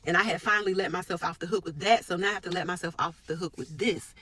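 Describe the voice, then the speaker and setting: A woman talking earnestly about her work and her faith in a personal vlog, with sudden lifts in pitch and force. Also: fast talker, bright, forceful tone, no room sound, poor audio. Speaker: medical worker sharing a personal reflection.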